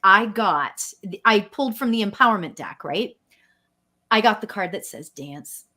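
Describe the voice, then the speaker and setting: An effusive woman medium co-hosts a live card reading, bubbling with excitement and emotion. Her voice sits at a middle pitch. She talks warmly and eagerly to her viewers. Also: unhurried. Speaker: spiritual medium, guest co-host.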